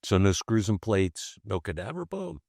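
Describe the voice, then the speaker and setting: A man, a podcast guest, telling a personal story in conversation, halting and repeating himself as he restarts phrases, and acting out the voices he quotes. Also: lowish voice, vocal fry, no room sound, clean studio sound. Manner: animated, acts out quoted voices.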